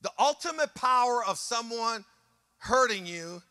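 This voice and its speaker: A pastor preaching a sermon with animated delivery, dropping to quiet asides and rising to shouted passages, acting out other people's voices along the way. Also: male voice, high-pitched, moderate pace, no room sound, studio quality. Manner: acts out voices of people and scenes in his preaching.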